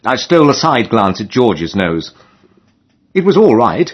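A man narrating a comic novel in a lively, expressive way with dry humor, in a dull lo-fi recording. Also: medium pitch, a little slow. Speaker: audiobook narrator.

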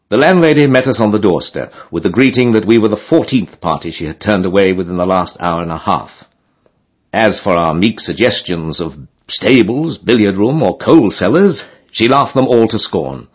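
A man's voice: lowish voice, slightly rough. A man narrating a comic novel as an audiobook, in a wry storytelling manner.

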